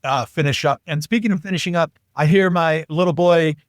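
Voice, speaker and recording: Animated, higher-voiced male podcast guest. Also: a little fast, no room sound, clean studio sound. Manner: animated, jumps into quoted voices. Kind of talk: casual anecdotal storytelling.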